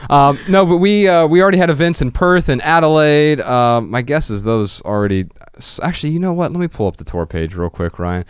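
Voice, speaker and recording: Man, podcast host, casual announcements, upbeat, smooth, dry. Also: fairly high pitch, animated, brisk, few pauses, no room sound. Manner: upbeat, joking, promotional.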